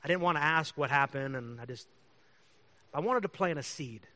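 A man's voice: on the high side, expressive, moderate pace, pushed and bright. A man who is a pastor, telling stories in a chatty, rambling way and laughing often. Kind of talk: casual storytelling.

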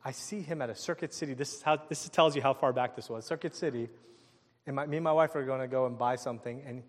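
A male pastor preaching a sermon, telling a personal story in an animated way and acting out the people in it. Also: medium pitch, quick pace, in a large hall. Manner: animated storytelling with laughs and quoted voices.

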